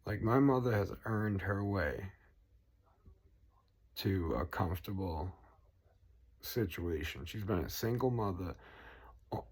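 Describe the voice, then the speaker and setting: Low-voiced profane ranting man in forties. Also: lively intonation, takes it slowly, pauses often, darkish tone, slightly rough. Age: 40s. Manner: angry, profane, rambling. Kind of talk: ranting monologue.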